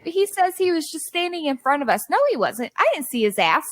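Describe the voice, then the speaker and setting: A woman's voice: high-pitched, fairly quick, very noisy. A woman podcast guest telling a long story in casual, exasperated style, acting out the people in it. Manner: animated, exasperated storytelling with quoted dialogue.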